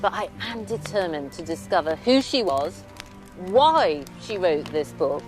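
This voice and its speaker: Woman documentary host, lower register, animated delivery, music bed. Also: measured pace. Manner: enthusiastic, expressive. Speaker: historian and curator presenting the programme. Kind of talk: documentary presenting and narration.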